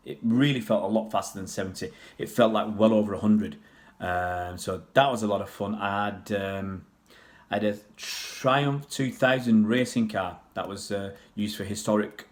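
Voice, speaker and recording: A man's voice: on the low side, normal speed. A man from Pakistan, raised in England, chatting casually on a livestream and answering viewers' questions in a rambling way. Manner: rambling, chatty, many restarts and fillers.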